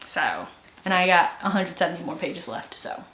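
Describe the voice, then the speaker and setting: A woman's voice: on the low side, very animated, moderate pace, background noise. A young woman chatting casually in a vlog, rambling with lots of filler words. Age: young adult. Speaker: booktuber. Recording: echoey room.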